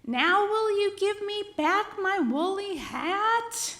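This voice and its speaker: A woman's voice: extremely high pitch, expressive, slow, fairly bright tone, pitched above the performer's own voice, heavily acted. A woman voicing Harold, an earnest little bear. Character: gentle young male bear who loves his hat. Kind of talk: reading a children's story aloud.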